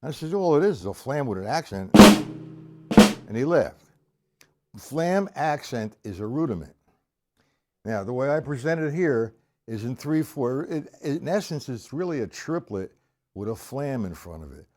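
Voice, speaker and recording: This middle-aged man's voice is medium-pitched and animated, at a moderate pace. Teaching drum rudiments live, he counts the beats out loud while drumming and tosses chatty asides to his viewers, with the loud kit audible right beside his voice.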